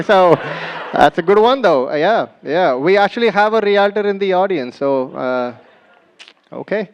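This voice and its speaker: A man's voice: high-pitched, animated, normal speed, muffled recording, a faint crowd, slight background noise. A man doing a stand-up comedy set on a live stage, chatty and teasing the audience, acting out the lines he quotes.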